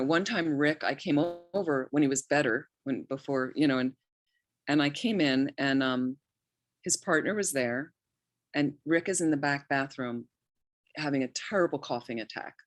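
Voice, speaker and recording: A middle-aged woman with a low voice gives an informal Buddhist talk, telling personal stories in a loose, conversational way. She restarts sentences and slips into quoted asides. The sound is dry and close, with no room around it. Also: dry recording. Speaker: Buddhist nun teaching.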